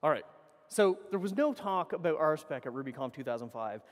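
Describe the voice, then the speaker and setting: A man's voice: fairly high pitch, animated, fairly quick. A middle-aged man giving a casual, profane, rambling conference talk on stage, correcting himself as he goes. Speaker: conference speaker. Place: large conference hall. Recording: reverberant conference hall.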